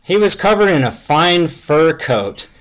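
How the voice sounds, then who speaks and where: Deadpan man reading a mock-epic tale. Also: a little high, a little slow. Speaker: story reader. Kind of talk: comic reading of a crude fantasy story.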